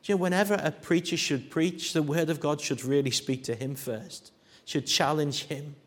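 A man preaching a sermon, dropping to hushed tones and rising to loud, acted-out quotes. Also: fairly high pitch, steady tone, moderate pace. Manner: dramatic shifts from hushed to loud, acting out quoted voices.

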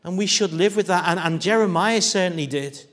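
A man preaching a sermon, dropping to hushed tones and rising to loud, acted-out quotes. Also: sits high, a little fast. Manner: dramatic shifts from hushed to loud, acting out quoted voices.

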